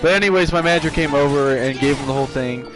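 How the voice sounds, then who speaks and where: Video game music plays behind a man who is streaming live and talking quickly in a medium-pitched voice. He recounts a work story casually and loosely, restarting himself often.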